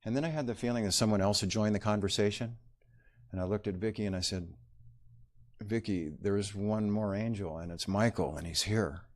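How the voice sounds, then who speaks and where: A middle-aged man telling a personal story to an audience, halting and reflective, with many pauses and fillers. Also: fairly low pitch.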